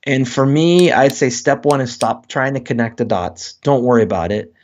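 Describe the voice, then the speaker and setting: A man's voice: mid-range voice, normal speed, dull audio. A man, a guest author, speaking in a casual interview and acting out quoted voices as he talks. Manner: animated, acts out quoted voices.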